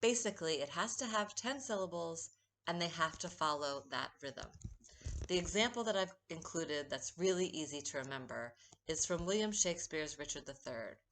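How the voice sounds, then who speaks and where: A woman poet giving a recorded poetry lesson, speaking in a measured way and stressing the rhythm when she reads verse. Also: sits low, animated, a bit bright, slight background noise. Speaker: poet teaching a workshop.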